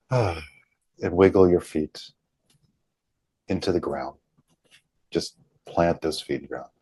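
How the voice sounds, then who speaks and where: A man leading a group healing session over a video call, speaking slowly and deliberately and softly repeating affirmations. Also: low voice, breathy edge, dry recording.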